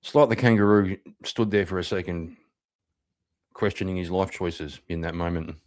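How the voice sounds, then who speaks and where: Low-voiced man chatting on stream. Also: fairly even intonation, moderate pace, a little mellow. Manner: swears freely, laughs along at clips. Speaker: streamer reacting to videos. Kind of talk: casual live-stream commentary.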